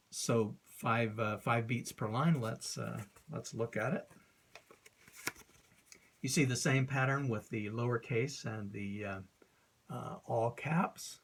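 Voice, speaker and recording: Male author as teacher, husky voice, unhurried, casual and unscripted delivery. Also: medium pitch. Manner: unscripted, many ums and uhs, recites verse slowly. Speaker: author explaining poetry. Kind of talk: informal recorded lesson.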